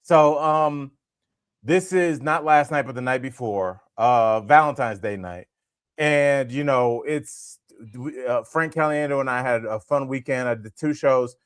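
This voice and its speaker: A man's voice: mid-range voice, measured pace, clean tone, no room sound, studio quality. A man in his forties, co-hosting a comedy podcast and telling a rambling story full of fillers. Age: 40s. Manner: rambling, animated anecdote-telling with frequent fillers. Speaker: podcast co-host.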